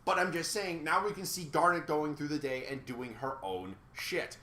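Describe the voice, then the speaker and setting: Sarcastic, ranting man with a bright voice. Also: on the high side, moderate pace, echoey room. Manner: sarcastic, exasperated, swears freely. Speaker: podcast co-host reviewer. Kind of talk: casual ranting review chat.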